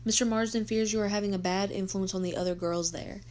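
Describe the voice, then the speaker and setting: A woman reading aloud, voicing a stern middle-aged male mill agent who questions curtly and in measured tones. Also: mid-range voice, fairly even intonation, darkish tone, close to an everyday voice. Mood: cold, probing.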